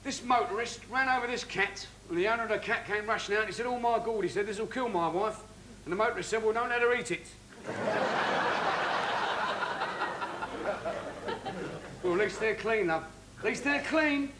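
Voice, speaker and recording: A man's voice: high voice, a little fast, noisy background, lightly acted. A man impersonating a brash, cheeky old music-hall comedian, trading patter and singing snatches of songs.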